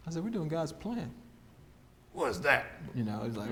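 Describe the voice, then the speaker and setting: A man giving an animated storytelling testimony as guest speaker, acting out the voices in his story and laughing often. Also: medium pitch, fast talker.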